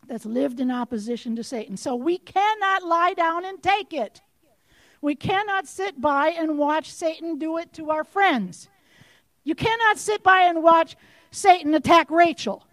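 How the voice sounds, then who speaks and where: A woman with a high voice preaches a fervent sermon, pressing questions on her listeners and building to forceful outbursts. The sound is close and dry, with no room around it. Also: no echo. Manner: impassioned, rising to forceful outbursts.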